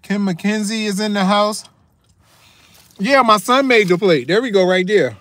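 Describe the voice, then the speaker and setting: High-voiced chatty man. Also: measured pace, fairly bright tone, no room sound. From Newark, New Jersey. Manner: chatty, talks straight to viewers, talks while chewing. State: slightly sniffly. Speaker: vlogger. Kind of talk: casual food vlog. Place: outdoors in a windy parking lot. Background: faint wind noise.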